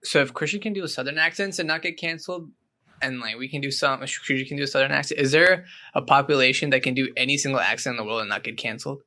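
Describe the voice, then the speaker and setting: A man's voice: mid-range voice, fast talker, sharp tone. A man in his twenties chatting on a podcast, curious and asking questions. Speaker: podcast guest. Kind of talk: casual chat.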